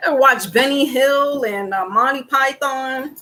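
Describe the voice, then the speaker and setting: A chatty woman with a fairly high voice, giving a loose, rambling tarot reading to her viewers. Faint hiss sits under her voice. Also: measured pace, fairly bright tone, poor audio. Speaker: tarot reader. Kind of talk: casual tarot reading chat.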